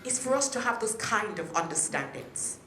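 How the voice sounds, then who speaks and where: A woman's voice: mid-range voice, sing-song, normal speed, noisy background. A woman giving a speech to an audience at a peace event, engaging them with questions. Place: hotel function room. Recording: echoey room.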